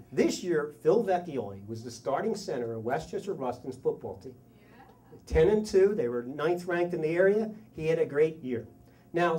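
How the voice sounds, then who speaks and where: A middle-aged man tells a story live on stage in a self-mocking, animated way, acting out other people's lines. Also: on the high side, distant mic, a little hiss or hum. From Delaware County, Pennsylvania. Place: story slam venue.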